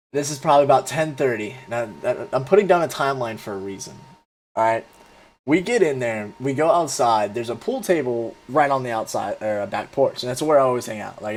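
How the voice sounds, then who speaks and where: Young guy in his 20s rambling thru a story, lots of "like", swears a bunch, mid pitch. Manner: rambling, fillers like "like", profane. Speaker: vlogger. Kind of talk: casual storytelling.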